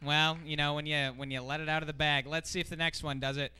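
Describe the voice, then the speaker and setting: A man hosting an open mic, bringing up the next comics with loud, upbeat introductions. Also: a little high, flat delivery, quick pace, clean tone.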